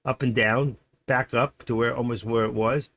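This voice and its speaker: A middle-aged man streams his day trading live, his mid-range voice gravelly and fairly bright, with fairly even intonation and a moderate pace, plus a little hiss or hum. His talk is casual and rambling, with muttering to himself and chuckling stories.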